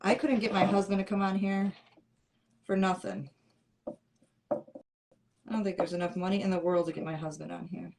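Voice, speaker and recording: Middle-aged woman, craft livestream host, slightly low voice, easy playful chatter with the viewers. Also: steady tone, normal speed, vocal fry, pauses often, noisy background. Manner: chatty and playful, answers comments. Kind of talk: casual chat with live viewers.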